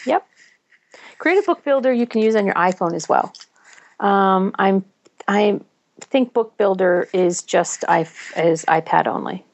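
A woman's voice: medium pitch, expressive, unhurried, dull audio. A woman chatting casually and enthusiastically recommending apps, with frequent fillers. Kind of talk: casual chat.

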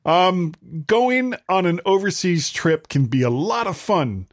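A man's voice: high voice, big pitch swings, measured pace. A man hosting a podcast, talking about travel gadgets in an easygoing, joking way. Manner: easygoing, joking, reads specs loosely. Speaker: podcast host. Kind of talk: casual chat about gadgets.

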